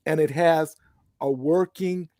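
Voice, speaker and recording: A man's voice: on the high side, steady tone, takes it slowly, dark tone, no echo, clean studio sound. A man hosting a late-night chat, talking casually and with enthusiasm, often repeating himself. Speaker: host.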